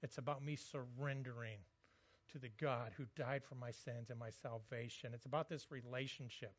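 A man's voice: medium pitch, steady tone, normal speed, dry recording, muffled recording. A male pastor giving a conversational sermon, often repeating words as he goes.

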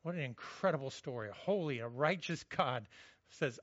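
A pastor giving a sermon in a conversational way, often restarting his words and slowing down when he reads scripture. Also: mid-range voice, lively intonation, a bit bright, no room sound, highs cut off.

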